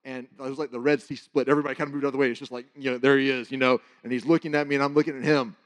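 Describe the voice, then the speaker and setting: A man preaching, telling a personal testimony in an animated, excited storytelling way. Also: medium pitch, rapid-fire. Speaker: guest preacher.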